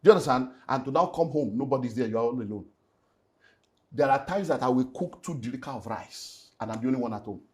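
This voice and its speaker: An emotional personal testimony comes from a middle-aged Nigerian pastor and relationship speaker in an interview, told at a quick pace in a mid-pitched voice. He narrates with animation, blends in Nigerian Pidgin phrases, and alternates between loud and hushed delivery.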